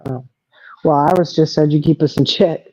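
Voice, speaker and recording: A woman co-hosting a casual live-stream chat, soft-spoken, teasing and giggly. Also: low voice, steady tone, normal speed, slightly rough, dry recording, dull audio.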